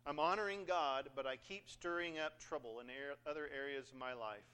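A man's voice: medium pitch, fairly quick, pushed and bright, smooth. A man preaching a sermon in a conversational, joking way, acting out scripture passages. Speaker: pastor.

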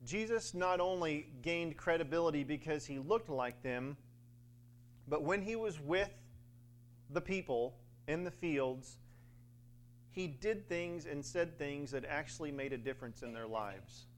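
A man's voice: a little high, expressive, measured pace. A man preaching a sermon in a conversational way, with fillers and little acted-out quotes.

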